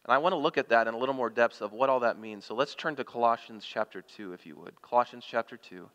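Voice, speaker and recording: Pastor preaching in a reverberant hall. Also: male voice, mid-range voice, fast, fairly bright tone, dull audio. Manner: reads scripture aloud with rising emphasis; asks the congregation questions. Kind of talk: sermon. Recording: long reverb of a church hall.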